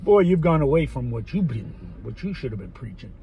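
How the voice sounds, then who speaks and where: A man delivering a digressive opinion monologue for his vlog. He often loses his thread and turns loud and indignant in bursts. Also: mid-range voice, big pitch swings, a little fast, creaky, muffled recording, slight background noise. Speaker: vlogger.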